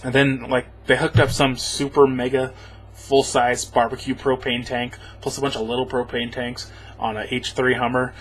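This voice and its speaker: A man's voice: medium pitch, level tone, normal speed, a little hiss or hum. A man giving a rambling, sarcastic spoken movie review, chuckling as he goes. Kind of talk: casual spoken film review.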